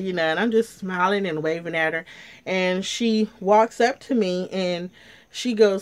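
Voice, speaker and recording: A woman's voice: mid-range voice, moderate pace. A middle-aged woman, telling a personal story to her viewers in a casual, emotional way, near tears. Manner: emotional, chatty, addresses viewers as ladies. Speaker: vlogger. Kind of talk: casual story time chat to camera.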